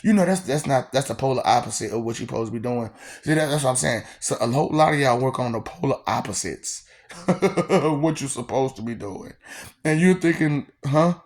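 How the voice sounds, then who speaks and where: A man's voice: mid-range voice, a little fast, darkish tone. A man giving a rambling, mocking rant to his audience, laughing often between lines and repeating phrases. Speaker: vlogger.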